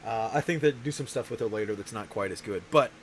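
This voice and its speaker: A man's voice: on the low side, fast talker, slight background noise, poor audio. A man hosting a show, talking in a casual, rambling way, often restarting his sentences. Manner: rambling, self-interrupting. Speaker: show host. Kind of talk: casual chat.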